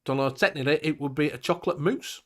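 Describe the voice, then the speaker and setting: A chatty man with a somewhat high voice hosts a casual live-stream chat. He reads comments aloud, laughs easily and swears without a second thought. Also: fast talker, a bit bright. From England. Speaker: show host reading viewer comments.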